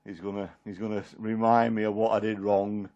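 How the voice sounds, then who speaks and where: With a lowish, darkish voice and flat, fairly quick delivery, a man lightly acts the apostle Peter in a one-man Bible monologue. His Peter is a homely, warm-hearted middle-aged fisherman who rambles and chuckles. The sound is lo-fi.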